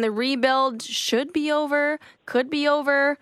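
A woman hosting a sports radio show on a studio microphone, chatty and quick to laugh. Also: high voice, fairly even intonation, fairly bright tone, no echo.

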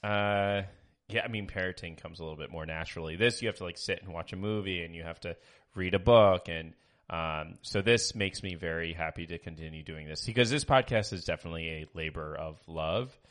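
Deep-voiced man, relaxed podcast host. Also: brisk. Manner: relaxed, hesitant with fillers. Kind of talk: casual podcast chat. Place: small home studio.

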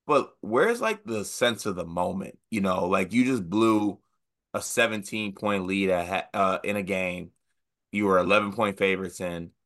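Bright-voiced young man riffing on basketball. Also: sits low. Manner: animated, joking, mocks with put-on quotes. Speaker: podcast co-host. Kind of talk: casual sports podcast chat.

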